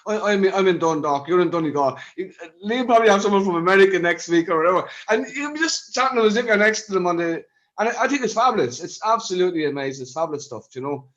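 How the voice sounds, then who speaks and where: A man's voice: high-pitched, lively intonation, fast, fairly bright tone. A man gushing with praise on a video call, often repeating his words. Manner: effusive, repeats words and restarts. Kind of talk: casual chat on a video call. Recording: dull lo-fi video call audio.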